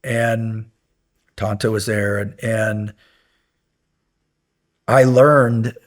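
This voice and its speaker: A middle-aged man with a fairly low voice draws out his words as he tells stories on a podcast, where he's a guest and former SEAL instructor. The interview is casual and his anecdotes ramble with many fillers, turning profane and animated when he recounts yelling.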